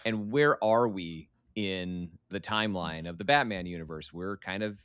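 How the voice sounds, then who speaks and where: A man's voice: deep voice, normal speed, a bit bright, clean tone, no room sound, clean studio sound. A man as a podcast guest, laying out his opinions in an analytical, argument-building way. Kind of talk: casual podcast chat.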